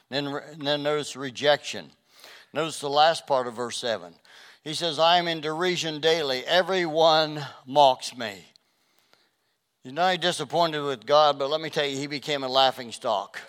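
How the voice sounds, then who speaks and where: A man preaching a sermon as a pastor, passionate and swinging between loud and hushed delivery. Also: mid-range voice, normal speed, smooth.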